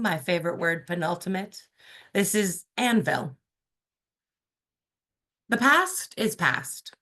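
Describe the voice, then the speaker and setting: A young woman with a Canadian accent performing her own spoken word poems, slow and measured, with casual asides between pieces. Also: fairly low pitch, fairly bright tone. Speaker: poet. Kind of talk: spoken word poetry reading.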